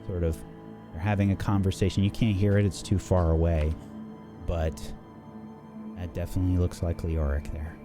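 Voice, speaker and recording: A man narrating as the game master of a tabletop game, in halting, measured narration. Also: sits low, level tone, over music.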